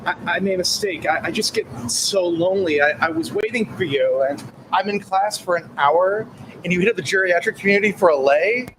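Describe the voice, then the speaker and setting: A man's voice: sits high, brisk, noisy background, lightly acted. A man playing a clingy, dramatic jilted lover. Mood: wounded. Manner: theatrical, whiny.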